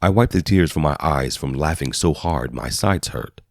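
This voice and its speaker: Brief: man with an extremely low voice, steady first-person audiobook narration, dry studio read. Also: moderate pace, vocal fry, no echo.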